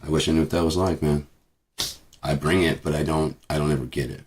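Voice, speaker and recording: A man's voice: extremely low pitch, steady tone, fairly quick, a little mellow. A man delivering a bitter, profane rant as a vlogger, repeating himself as he talks. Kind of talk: profane ranting monologue.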